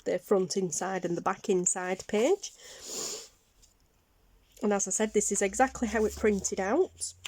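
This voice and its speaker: A woman's voice: medium pitch, steady tone, measured pace, pauses often, darkish tone. A woman with a Northern English accent, chatting casually through a craft show-and-tell, rambling with lots of ums and little self-corrections. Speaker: craft vlogger.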